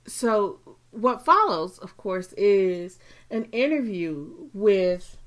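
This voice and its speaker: A woman co-hosting a podcast in casual chat, giggling often and rambling with many ums. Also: mid-range voice. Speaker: podcast co-host.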